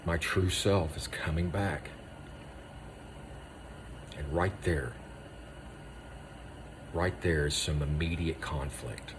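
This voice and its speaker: A man, an Army veteran, gives a raw spoken monologue, hammering short phrases with intensity and often dropping to a hushed voice. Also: extremely low pitch, takes it slowly, long pauses, noisy background. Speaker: Army veteran speaking on moral injury.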